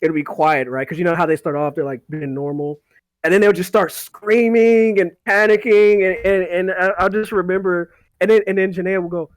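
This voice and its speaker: A man's voice: high voice, fairly quick, no echo. A man hosting a casual podcast chat who rambles, laughs often and repeats his words. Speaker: podcast host.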